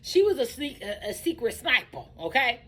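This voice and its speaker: A woman who runs a truck driving school tells her own story in a casual, animated way, repeating phrases for emphasis. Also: on the high side, normal speed, husky, poor audio.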